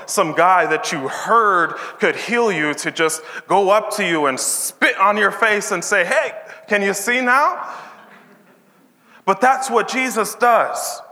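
A man teaches scripture in a relaxed, conversational way, slipping into the characters' voices as he retells the story. His voice is bright and forceful, pitched a little high, and it rings with a long reverb, as in a large hall. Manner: retells scripture in casual modern slang, acting out the characters' lines. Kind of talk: casual Bible teaching.

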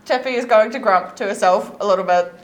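A woman's voice: medium pitch, a little fast. A woman player in a tabletop game, talking through her character in a playful way. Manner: playful, animated.

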